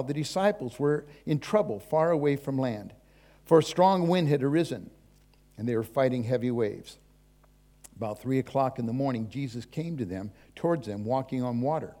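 A man's voice: medium pitch, darkish tone. An older man preaching a sermon as pastor, in a folksy, conversational way full of asides and rhetorical questions.

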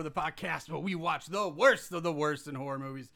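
A bright, slightly high-voiced young man hosting a horror podcast. He talks casually but flares into swearing, worked-up rants. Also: fast talker. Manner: profane, worked-up ranting. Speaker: podcast host.

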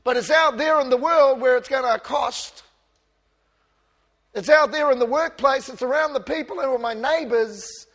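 A man with a high voice preaches a passionate sermon in a church. His voice swings from quiet, almost murmured asides to loud calls, with a light self-mocking humour. A long reverb trails every phrase. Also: moderate pace. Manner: self-deprecating humour with the congregation. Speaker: pastor.

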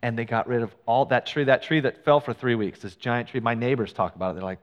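A middle-aged male pastor telling a personal story in a sermon, animated and acting out what people said. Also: medium pitch, quick pace, dull audio. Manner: animated storyteller, acts out quoted lines. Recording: long hall reverb.

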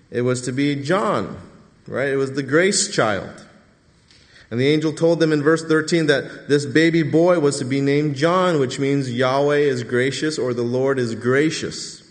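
A man preaching a Sunday morning sermon in a chatty, conversational way, often tossing out a rhetorical "right?" to his congregation. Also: medium pitch. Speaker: pastor. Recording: reverberant hall.

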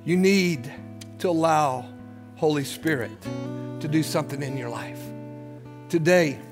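A man's voice: on the high side, unhurried, music in the background. A pastor in his sixties preaching a sermon, moving between folksy storytelling and fervent appeals, with call-outs to the congregation. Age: 60s. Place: church service.

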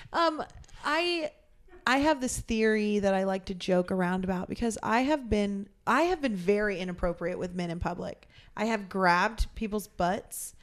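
A young woman talking casually with friends, blunt and foul-mouthed. She tells stories with lively put-on quotes, at an even, ordinary pitch. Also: slight background noise. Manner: blunt, swears freely, acts out quotes. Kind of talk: casual chat.

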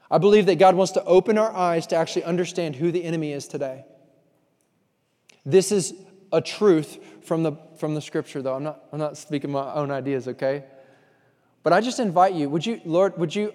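Impassioned preacher, man, long hall reverb. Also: high voice. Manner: impassioned, swinging between loud emphasis and hushed intimacy; repeats phrases for emphasis. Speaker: pastor. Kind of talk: sermon.

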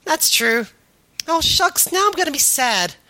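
A woman's voice: high voice, animated, a little slow, bright, forceful tone, pitched above the performer's own voice, exaggerated voice. A woman doing a bubbly, glubbing sea troll girl. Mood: cheerful. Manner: peppers speech with fishy "glub" noises. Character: bubbly, hyper-excited young female sea troll. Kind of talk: fan reading of chat logs.

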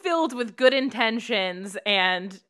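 A woman's voice: on the high side, expressive, slow, fairly bright tone. A woman co-hosting a podcast, chatting casually, giggly and chatty, sometimes swearing. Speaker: podcast co-host. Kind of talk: casual chat.

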